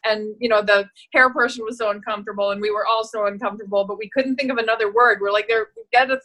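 A middle-aged actress telling stories in a casual interview, animated and laughing, acting out the voices she quotes. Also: mid-range voice, fast, rough recording. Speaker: actress and guest.

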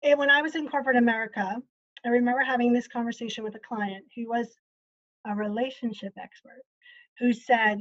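A woman's voice: on the high side, steady tone, fairly quick, dull audio. A woman coach talking earnestly in a casual interview, acting out quoted conversations as she explains.

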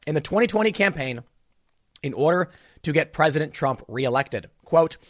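A man delivers solo political commentary in an exasperated, ranting way, stumbling over restarts as his frustration spills out. His voice sits a little high for a man. It is recorded close and dry, with no room sound at all. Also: lively intonation, normal speed, fairly bright tone, no room sound.

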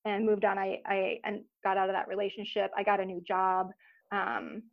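A woman in her thirties telling her personal story as a guest in an interview, earnest and reflective, pausing often. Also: mid-range voice, level tone, vocal fry. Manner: earnest, reflective, soft-spoken with frequent pauses. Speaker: podcast guest. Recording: slightly dull recording.

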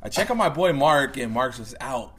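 This is a young man in the middle of a lively, laughing anecdote, his speech peppered with "like" and "you know" as he jumps between scenes. His voice sits at an ordinary male pitch, neither low nor high. He is a youth ministry leader talking casually, not giving a polished performance. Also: normal speed, slightly rough. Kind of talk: casual storytelling.

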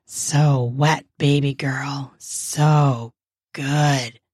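A woman voicing an eager young man who murmurs in a low voice. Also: fairly even intonation, drawn-out words, darkish tone, slightly rough, no echo, clean studio sound, full character voice. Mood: murmuring.

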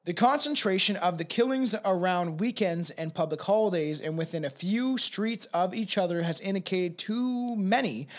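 A man's voice: sits high, moderate pace, hardly any pauses. A man co-hosting a casual true-crime podcast, rambling and profane, reading passages aloud between asides. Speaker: podcast co-host.

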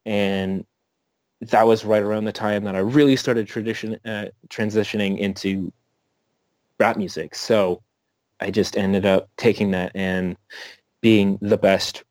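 Chill guy musician talking loose with lots of ums and likes, lowish voice, dry sound. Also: darkish tone, no room sound. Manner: laid-back, filler-heavy talk. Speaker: musician guest. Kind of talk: casual interview answer.

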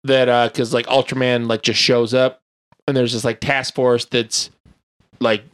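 A man's voice: mid-range voice, level tone, measured pace, clear, resonant tone. A man from the United States chatting casually on a podcast, rambling with lots of fillers and laughs. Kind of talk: casual chat.

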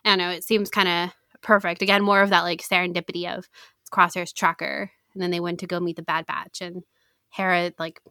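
Female podcast co-host, casual and chatty, slightly low, bright tone. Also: dry recording, studio quality. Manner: chatty, hedging with many fillers. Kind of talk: casual chat.

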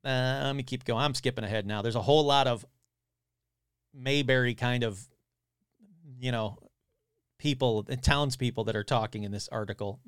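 A man's voice: mid-range voice, moderate pace, pauses often, a bit bright, clean tone, dry recording, clean studio sound. A man hosting a podcast, casually reading a newspaper article aloud and breaking off with wry, grumbling asides. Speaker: podcast host.

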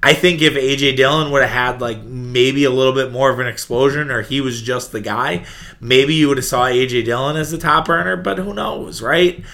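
Sarcastic, bright-voiced sports podcast host. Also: male voice, medium pitch, moderate pace, creaky. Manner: profane, sarcastic, animated ranting. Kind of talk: opinionated sports podcast rant.

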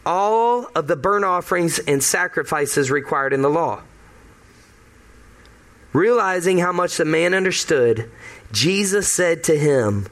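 High-voiced male preacher, emphatic. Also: fairly bright tone. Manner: conversational, emphatic, repeats key phrases. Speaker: pastor. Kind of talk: sermon.

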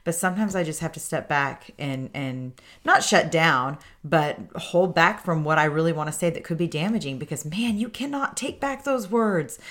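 A woman's voice: low-pitched, moderate pace, hardly any pauses, fairly bright tone. A woman co-hosting a podcast with her husband, talking candidly and laughing easily. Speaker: podcast co-host. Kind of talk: casual podcast chat.

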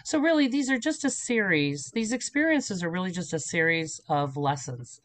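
A middle-aged woman talks with a fairly low voice, a medium explaining her ideas in a relaxed interview. She slips into small voiced asides for the people in her stories. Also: normal speed, no room sound. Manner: animated storyteller, acts out voices. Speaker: spiritual medium, interview guest. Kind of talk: casual storytelling interview.

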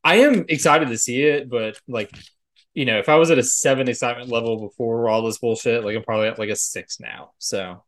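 A man's voice: mid-range voice, brisk, fairly bright tone. A man co-hosting a casual podcast about film and TV, talking in a rambling way full of fillers and the occasional swear. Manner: rambling, filler-heavy, frequent "like" and "you know". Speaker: podcast co-host.

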